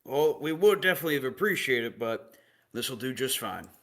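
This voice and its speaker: A man's voice: medium pitch, expressive, a little fast, fairly bright tone. A man voicing a folksy male adventurer who speaks in a cowboy drawl.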